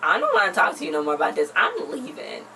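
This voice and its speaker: A woman's voice: low voice, wildly swooping pitch, fast talker, creaky. A woman chatting casually as co-host of a TV recap channel, retelling scenes by acting out what people said. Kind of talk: casual chat recapping a reality show. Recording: distant mic with faint background noise.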